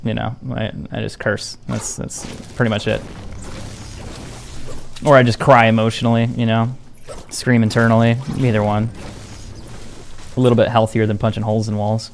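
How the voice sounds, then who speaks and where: A man's voice: fairly low pitch, flat delivery, moderate pace, gravelly, long pauses, a little hiss or hum. A young man streaming a game, talking casually to his viewers in a blunt, defensive, profane way. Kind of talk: casual live-stream chat.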